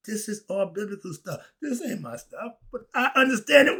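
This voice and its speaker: A man hosting an animated spiritual commentary, excitably asking rhetorical questions and answering them himself. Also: high voice, moderate pace, breathy edge. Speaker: host.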